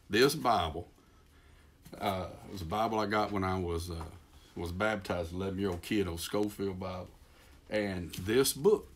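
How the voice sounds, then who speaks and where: A man with a deep, low-pitched voice and a Texas accent delivers a sermon in a folksy, rambling way. He pokes fun at himself and circles back to his point with plenty of ums and restarts. He sounds middle-aged. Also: a bit bright, a little hiss or hum. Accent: Texan. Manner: folksy, self-deprecating, rambling with many fillers and restarts. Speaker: pastor.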